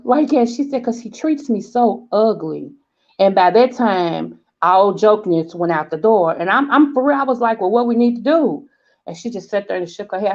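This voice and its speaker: Southern woman, forties, vlog host, animated storyteller, dull lo-fi sound. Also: on the high side. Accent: Southern American. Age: 40s. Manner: animated storyteller, acts out quoted voices, checks in with "okay?". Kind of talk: casual storytelling chat.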